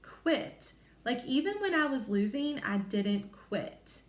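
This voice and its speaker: A woman teacher takes a young class through a phonics lesson, stretching out each sound so the children can follow. Her voice sits a little high, and she talks at a very slow, careful pace. The room around her is echoey. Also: big pitch swings. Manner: slow, sounding out letters and word parts.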